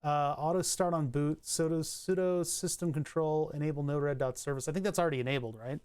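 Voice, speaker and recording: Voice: mid-range voice, steady tone, brisk, darkish tone, clear, resonant tone. Streamer type: mid-range voice, casual, profane, laughs off technical failures. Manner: thinks aloud, swears, laughs at own frustration. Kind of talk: casual live-stream chat while fixing software.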